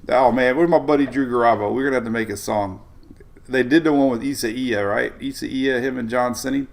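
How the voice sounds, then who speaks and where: Gravelly, rambling male weather host. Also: mid-range voice, a little fast. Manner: rambling, chuckling, self-interrupting. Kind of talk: casual live-stream weather talk.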